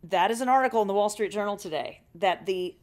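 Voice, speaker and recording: A woman co-hosting a radio show, chatty and quick to laugh, talking into a studio mic. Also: mid-range voice, a little mellow. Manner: chatty, laughs easily, defensive when teased. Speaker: radio co-host. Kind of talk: casual radio banter.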